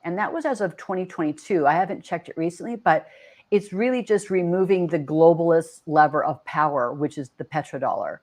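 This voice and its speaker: A woman's voice: sits low, fairly quick, a little mellow. A woman co-hosting a podcast in casual chat, earnest, listing facts and restarting sentences. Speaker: podcast co-host.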